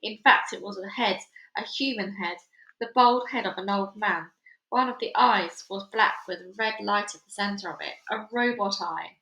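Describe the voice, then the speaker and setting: A woman reading a children's novel aloud, lively and expressive, acting out the sound effects. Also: medium pitch, moderate pace, echoey room, rough recording. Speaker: reader. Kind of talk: children's book read-aloud.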